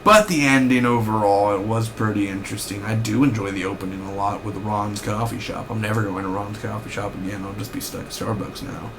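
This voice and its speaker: A man's voice: lowish voice, fairly quick, hardly any pauses, noisy background. Rambling young man ranting about TV. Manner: rambling, ranting, with frequent fillers. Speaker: TV episode reviewer. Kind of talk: casual recap and review.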